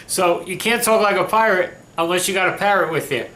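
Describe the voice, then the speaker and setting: A man's voice: sits high, fairly quick, few pauses, pushed and bright. A man hosting a casual cooking video, chatty and upbeat, laughing often as he works in his kitchen. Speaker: cooking vlog host. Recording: echoey room with faint ambience.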